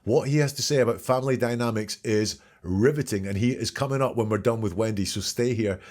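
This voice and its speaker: A man's voice: medium pitch, brisk, a little mellow. A man hosting a show where he breaks down court testimony in spoken commentary, emphatic and questioning, repeating key words. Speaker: host analyzing trial testimony.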